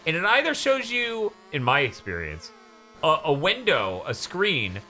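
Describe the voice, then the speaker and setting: A man's voice: on the high side, huge pitch swings, a little slow, sharp tone. A man hosting a casual podcast, telling stories animatedly and swearing casually. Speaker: podcast host. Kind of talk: casual chat.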